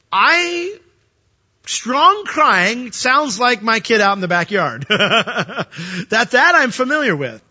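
A man preaching a sermon, animated and emphatic, often asking the listeners questions. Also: sits high, muffled recording.

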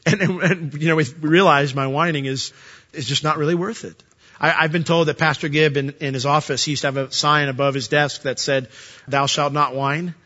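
A man's voice: a little high, sharp tone, in a large hall, highs cut off. A man preaching a sermon, reading verses and explaining them in a conversational way. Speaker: pastor. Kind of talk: sermon teaching through scripture.

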